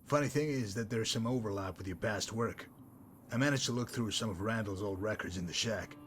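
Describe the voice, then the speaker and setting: A man's voice: lowish voice, background noise, lightly acted. A man voicing a smug sardonic mercenary. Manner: dry, mocking, wordy and unhurried. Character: smug sardonic male messenger-mercenary, adult. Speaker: game character. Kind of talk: voiced game dialogue.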